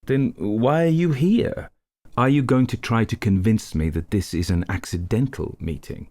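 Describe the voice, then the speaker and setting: A man's voice: medium pitch, moderate pace, dark tone, dry recording, pitched above the performer's own voice, natural voice. A man voicing a curt, impatient police inspector who is irritated and grunting.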